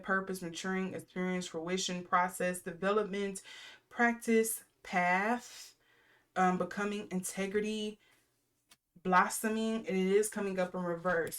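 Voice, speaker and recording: A woman in her thirties talks through a casual tarot reading in a relaxed, meandering way. She leans on fillers and restarts. She rattles off strings of card keywords at an everyday, middle pitch. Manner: rambling, lots of fillers, reels off card keywords. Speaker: tarot reader.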